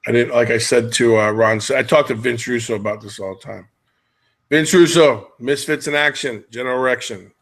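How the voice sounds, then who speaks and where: Brisk and a little bright, a mid-range male voice carries this podcast. The host, a middle-aged man, rambles jokily and hops between tangents in easygoing conversation.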